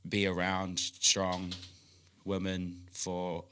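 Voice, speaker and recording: Very deep forceful man, animated chat. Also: extremely slow, slight background noise. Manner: animated, swears freely, acts out inner voices; laughs between phrases. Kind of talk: casual podcast chat.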